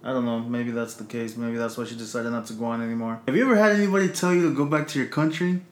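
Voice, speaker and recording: A man's voice: mid-range voice, fast talker. Man co-host, laid-back storyteller, swears freely, echoey room. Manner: relaxed, profane, laughs while telling stories. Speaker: podcast co-host. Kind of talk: casual podcast chat, storytelling. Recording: roomy echo.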